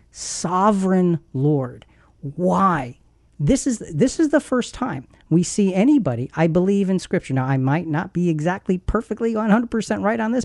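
A man's voice: a little high, darkish tone, no room sound, clean studio sound. A man teaching about a Bible passage in an emphatic way, repeating words as he builds his point. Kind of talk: Christian teaching podcast.

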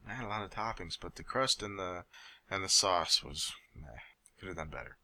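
A man in casual chat, telling stories loudly and swearing, then trailing off into mumbles. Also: low-pitched, fairly quick. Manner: animated storyteller, swearing, swings loud then mumbling.

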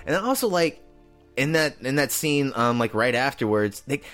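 A man's voice: medium pitch, animated, normal speed, a bit bright, soft background music. A man co-hosting a podcast, chatting casually and laid-back, often calling the others "dude" and "man.". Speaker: podcast co-host. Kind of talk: casual chat.

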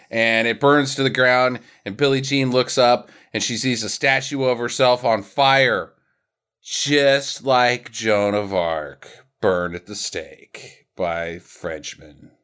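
A man co-hosting a casual podcast, retelling a film's plot in an animated way and putting on quick voices for the characters. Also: mid-range voice, smooth. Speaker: podcast co-host. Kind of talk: casual movie recap chat.

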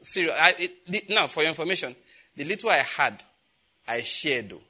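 A man in his fifties with a Nigerian accent preaches a sermon built on personal stories. His voice is fairly high and bright. He gets loud and emphatic whenever he acts out what people said. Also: moderate pace. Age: 50s. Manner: animated storytelling, grows loud and emphatic when acting out dialogue. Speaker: pastor.

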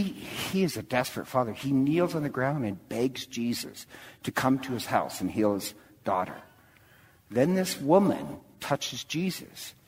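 A man's voice: mid-range voice, long reverb tail, rough recording. A man preaching a sermon, telling the story with animation and acting out the voices of the people in it.

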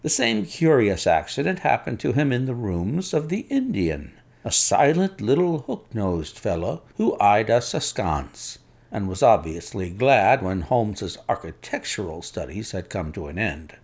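A man narrating an audiobook in a measured storytelling manner, his voice dropping at clause ends. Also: fairly low pitch, very animated, vocal fry, darkish tone. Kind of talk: scripted narration.

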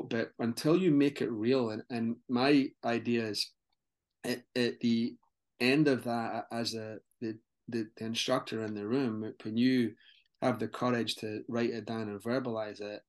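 A Scottish man, a fitness coach, talking in a casual podcast conversation with an animated, motivational manner and frequent restarts. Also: medium pitch. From Scotland.

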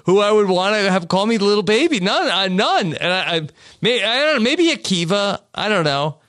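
Chatty male podcast host, high tenor, lots of lift in his delivery. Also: expressive, a little fast, fairly bright tone, no room sound, studio quality. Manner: laughing, chatty recap with restarts. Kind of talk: casual chat.

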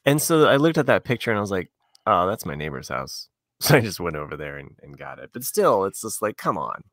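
A man co-hosting a casual podcast chat, wry and often laughing at his own gripes. His voice bounces lively around a mid pitch, and the recording is dry and close. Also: quick pace, no echo. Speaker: podcast co-host.

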